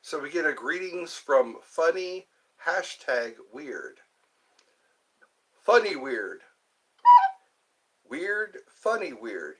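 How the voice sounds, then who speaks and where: An older man hosting a live stream, chatting casually with viewers in a rambling, playful way and slowly sounding out their names. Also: on the high side, big pitch swings, heavy background noise.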